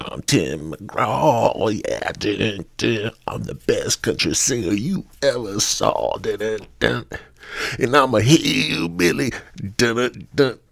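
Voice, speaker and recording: A man's voice: fairly low pitch, gravelly, no room sound, clean studio sound, full character voice. A man voicing a hillbilly male country singer, half singing with humming riffs. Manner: sung-spoken, humming "dun dun" riffs.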